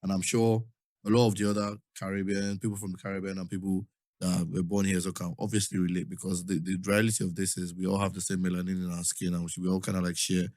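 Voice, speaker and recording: A man's voice: sits low, darkish tone, no room sound, clean studio sound. A man with a Nigerian accent hosting a podcast, talking earnestly and often asking "do you understand?". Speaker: podcast host. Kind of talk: casual chat.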